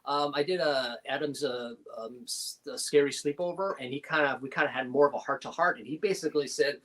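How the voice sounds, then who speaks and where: A middle-aged man, an actor as a guest in a casual interview, telling animated anecdotes with quick laughs. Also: mid-range voice.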